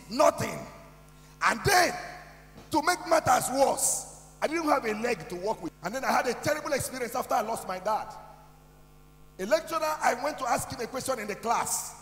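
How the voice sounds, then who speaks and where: A middle-aged Nigerian man giving a motivational testimony at a youth conference, in a preachy way that builds to shouting. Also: very high voice, expressive, moderate pace. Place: large hall. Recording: echoey hall with soft music.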